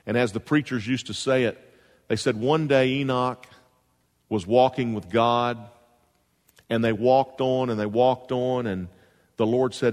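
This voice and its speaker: Guy preaching in a church, big echoey hall, gets loud and punchy, asks the crowd questions. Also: medium pitch, steady tone, unhurried, long pauses. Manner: rising to emphatic bursts, asking the congregation questions. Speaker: pastor. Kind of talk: sermon. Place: church sanctuary.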